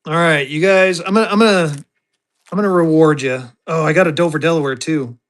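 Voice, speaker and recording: Sorting through his stock on a livestream auction, this seller muses aloud and talks casually with his viewers. He speaks briskly in a voice that's on the high side and a bit bright.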